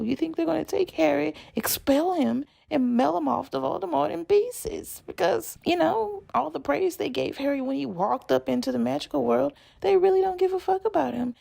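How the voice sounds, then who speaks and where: A woman's voice: high voice, normal speed, vocal fry, hardly any pauses, warm tone. A woman ranting casually and profanely, firing off exasperated rhetorical questions.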